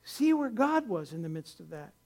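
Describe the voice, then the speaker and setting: A man's voice: sits high, big pitch swings, normal speed, gravelly, a little mellow. An older man, a pastor, preaching a conversational sermon in a folksy, rambling way, with many restarts, rising to earnest emphasis.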